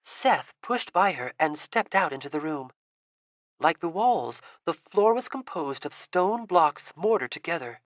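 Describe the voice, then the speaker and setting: A woman narrating an audiobook in a steady, expressive reading style. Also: lowish voice, measured pace, no echo. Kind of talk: scripted narration.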